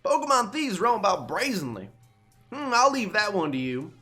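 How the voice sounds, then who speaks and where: A bold young country gal with a put-on Southern drawl, as a man reads her lines. She talks loud and folksy, pitched high above his own voice. A faint music bed plays behind her. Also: sing-song, moderate pace, full character voice.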